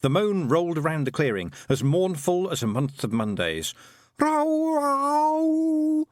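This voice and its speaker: A man narrates an audiobook with expressive storytelling in a mid-range voice at a moderate pace. This scripted narration is studio quality with no room sound.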